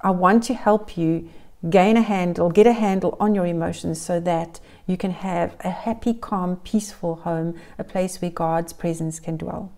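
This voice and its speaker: A woman's voice: lowish voice, fairly even intonation, normal speed, warm tone. A middle-aged woman giving earnest, encouraging parenting advice straight to camera, often repeating phrases in lists. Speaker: parenting coach. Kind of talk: direct-to-camera advice vlog.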